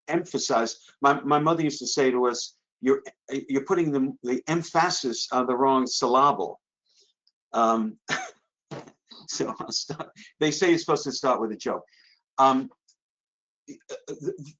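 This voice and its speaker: A man giving a webinar talk on a video call, speaking haltingly with many restarts and fillers. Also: mid-range voice, a bit bright. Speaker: guest presenter. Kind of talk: webinar presentation. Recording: dull lo-fi online call audio.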